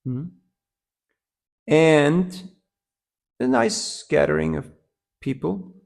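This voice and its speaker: A man's voice: fairly high pitch, drawn-out words, vocal fry. A man giving a devotional class, telling a story with humor and often asking the listeners "huh?". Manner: lively storyteller, asks "huh?" often, laughs at own jokes. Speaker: temple lecturer.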